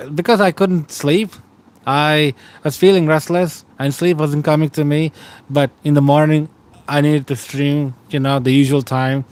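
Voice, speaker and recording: Lying tired in bed, an Australian man in his thirties keeps up a loose, rambling chat with his stream viewers, calling people in chat by name. He has a medium-pitched voice with a clean tone.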